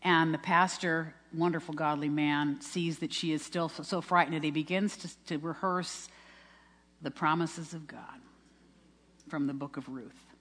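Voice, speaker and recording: A woman's voice: sits low, fairly even intonation, unhurried, fairly bright tone. Earnest older woman in echoing hall. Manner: earnest storytelling with many restarts. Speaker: speaker giving a personal testimony. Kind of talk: heartfelt personal testimony. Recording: long reverb of a large hall.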